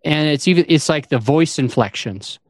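Man hosting a podcast, bright, dry. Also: a little high, expressive, moderate pace, dry recording. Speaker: podcast host. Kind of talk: casual interview chat.

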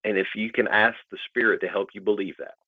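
A man speaking as a guest on a faith podcast, gentle and sincere. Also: on the low side, steady tone, fast talker, husky, no echo. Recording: dry phone-like line.

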